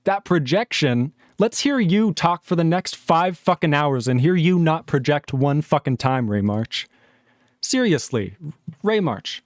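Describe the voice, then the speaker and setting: A man's voice: a little high, very animated, measured pace, no room sound, studio quality. A man hosting a live stream, angrily arguing with his chat and swearing a lot. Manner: angry, profane, arguing with chat. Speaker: livestream host.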